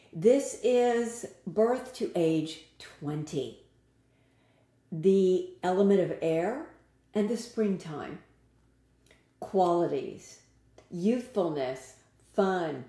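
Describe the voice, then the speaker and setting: Woman, voice coach, measured list-like delivery, slightly low voice, echoey room. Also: warm tone. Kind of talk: scripted lesson narration.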